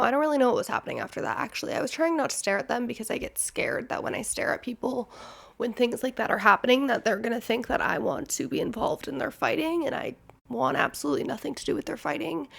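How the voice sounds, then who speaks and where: Midwest woman rambling on her podcast, kinda high voice, lots of fry, says like a ton. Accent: Midwestern American. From Nebraska. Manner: rambling, candid storytelling with frequent "like". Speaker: podcast host. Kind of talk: casual chat.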